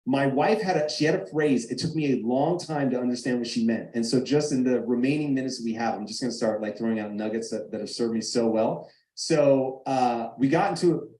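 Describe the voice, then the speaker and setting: A man's voice: mid-range voice, a little mellow. Echoey man acting out dialogues on stage. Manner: acts out both sides of dialogues in quick quoted voices. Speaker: guest speaker. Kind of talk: live talk to an audience. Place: event stage. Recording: echoey large room.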